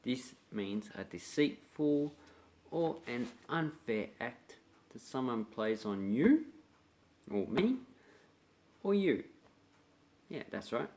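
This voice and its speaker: A man's voice: medium pitch, sing-song, takes it slowly, pauses often, a little mellow. An Australian man casually explaining a slang expression to viewers and acting out little scenes. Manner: chatty, uses local slang, acts out little scenes. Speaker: slang teacher. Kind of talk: casual lesson to camera.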